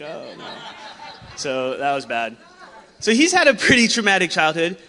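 Bright-voiced young pastor in a hall. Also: male voice, fairly high pitch. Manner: casual storytelling, animated, laughs often. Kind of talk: sermon with personal story. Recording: long hall reverb.

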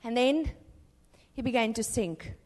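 A woman preaching to a church congregation, her high voice pressing hard and then falling quiet. The long reverb of a church hall trails after each line. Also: unhurried. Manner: impassioned, rising to urgent exhortation and dropping to hushed tones. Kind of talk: sermon.

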